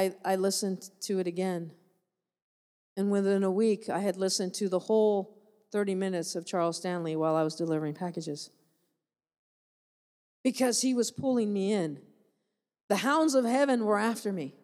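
A woman's voice: mid-range voice, moderate pace, long pauses, darkish tone. A woman missionary giving a personal testimony to a church audience, telling her story with animation, laughter and repeated phrases for emphasis. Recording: echoey hall reverb.

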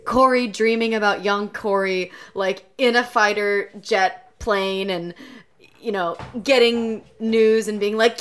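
Woman co-host, casual storyteller, laughs easily; mid-range voice, relaxed chat delivery. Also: medium pitch, slow pace. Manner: animated, laughs through her stories. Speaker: podcast co-host.

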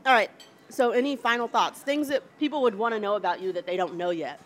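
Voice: medium pitch, quick pace, fairly bright tone, slight background noise. A host running a casual interview with short prompting questions, sharing a few stories of their own.

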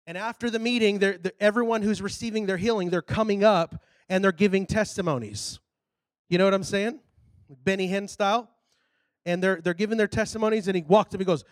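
A man with a high-pitched voice preaches a sermon in a church at a brisk pace, telling a story casually and animatedly before building to loud, shouted exhortations. There's no room sound in the recording.

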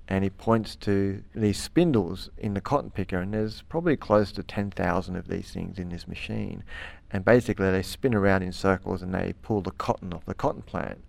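A man's voice: sits low, normal speed, creaky, dry recording. A young man with an Australian accent telling his story casually in an interview, rambling with many restarts. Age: young adult. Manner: rambling, many restarts, lively when quoting others. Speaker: interview guest.

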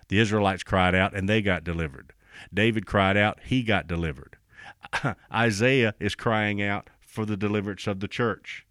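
Man preaching a sermon, low-pitched. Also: fairly bright tone, dry recording, clean studio sound. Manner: rises in pitch and slows down when quoting scripture.

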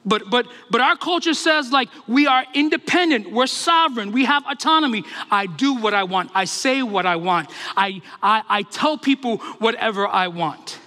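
High, bright-voiced preaching man. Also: animated, in a large hall. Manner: impassioned, asks rapid rhetorical questions. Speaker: pastor. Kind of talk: sermon.

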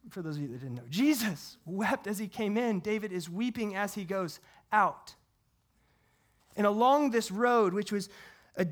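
A man who is a pastor, preaching a sermon in an earnest way and talking straight to his congregation, swinging from hushed to loud and fervent. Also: high-pitched. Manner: talks to the congregation directly, asks questions.

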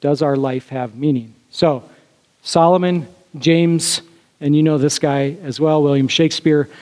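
A man gives a sermon from the pulpit, speaking in a casual, conversational manner with lots of asides to his listeners. His voice sits a little high for a man. The sound carries a long reverb from a large hall. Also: fairly even intonation, a little slow, a little mellow. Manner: conversational, with frequent fillers and asides to the congregation. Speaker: pastor.

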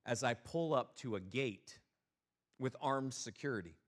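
A male pastor telling a funny personal story, then preaching a sermon with a lively, exasperated manner. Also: mid-range voice, unhurried.

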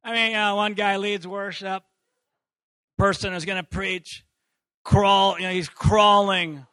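A male pastor tells a personal story from the pulpit with a high, bright voice. He takes his time over the words, then breaks into laughter and shouts. The sound is close and dry. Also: no room sound. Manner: animated, laughing, bursts into shouts. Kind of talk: sermon storytelling.

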